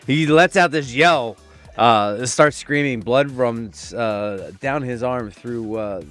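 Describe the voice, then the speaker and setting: A man's voice: medium pitch, takes it slowly, fairly bright tone, soft background music. A man narrating a tabletop game as game master, laughing often in a loose, playful way.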